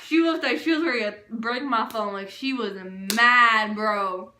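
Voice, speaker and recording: A young woman casually telling a storytime vlog, animated and full of filler words. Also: a little high, moderate pace, echoey room, slight background noise. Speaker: vlogger.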